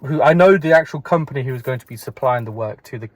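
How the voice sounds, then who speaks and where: A man's voice: mid-range voice, fast talker, no room sound. A young man co-hosting a casual podcast from a car, laughing often and talking in eager bursts. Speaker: podcast co-host. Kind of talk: casual chat. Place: inside a parked car.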